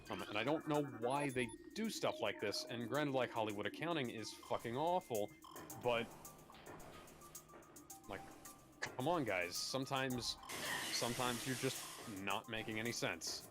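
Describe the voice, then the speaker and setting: A man's voice: medium pitch, normal speed. Man, casual podcast chat, rambling, swears, game music behind. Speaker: podcast co-host. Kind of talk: casual chat while gaming.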